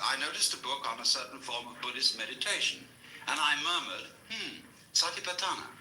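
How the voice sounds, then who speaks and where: Wry lecturing man, very bright tone. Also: medium pitch. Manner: wry, lively storytelling. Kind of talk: anecdotal public lecture. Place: lecture hall before an audience. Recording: roomy lecture hall recording with faint hiss.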